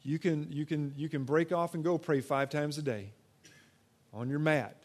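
A young man preaching a sermon in a conversational way, moving between loud emphatic stretches and soft, quiet ones. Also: on the high side, moderate pace. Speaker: pastor.

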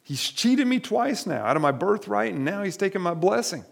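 A man's voice: high voice, very animated, normal speed, creaky, pitched above the performer's own voice, full character voice. A man reading scripture aloud in a sermon and voicing a grieving adult son who pleads with his father, his voice breaking. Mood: pleading.

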